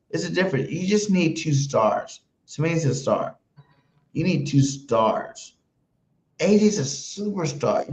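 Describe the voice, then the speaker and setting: A man's voice: mid-range voice, darkish tone. A man co-hosting a casual sports talk show, arguing his point with emphasis. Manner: argumentative, emphatic. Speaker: co-host. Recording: roomy, dull lo-fi sound.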